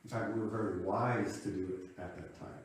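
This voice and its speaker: A man's voice: fairly low pitch, fairly even intonation, fairly quick, a little hiss or hum. A man in his late fifties giving a sermon, reflective and conversational as he tells a personal story. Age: 50s. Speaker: minister. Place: church sanctuary. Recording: echoey hall, voice from a distance.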